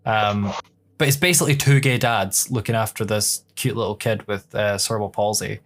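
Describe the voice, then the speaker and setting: A young man with a Scottish accent talks in a loose, unguarded podcast chat. His voice sits on the low side, and he fills gaps with "um" and breaks into easy laughter. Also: normal speed. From Scotland. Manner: candid, laughs often, many fillers. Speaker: podcast host being interviewed. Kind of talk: casual chat.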